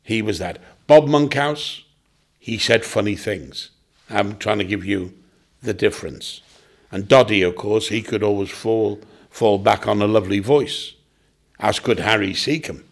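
An older man talks about the comics he worked with, with the easy timing of a seasoned entertainer. He tells anecdotes and breaks into short character voices to land a point. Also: lowish voice. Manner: anecdotal, slips into quick comic impressions. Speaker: veteran comedian guest. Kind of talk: reminiscing casual chat.

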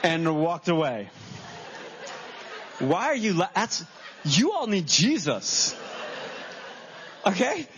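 A man's voice: high-pitched, very animated, slow pace, long pauses, crowd noise, background noise. A man preaching a sermon as a pastor, telling stories animatedly and acting out his own reactions on a church stage. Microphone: handheld microphone. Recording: dull lo-fi sermon recording.

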